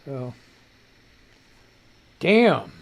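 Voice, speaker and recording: A man's voice: mid-range voice, very animated, drawn-out words, vocal fry. A man hosting a live show, rambling casually with salty language and poking fun at himself, a bit short of breath. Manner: rambling, salty, self-mocking. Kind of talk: casual live-stream chat.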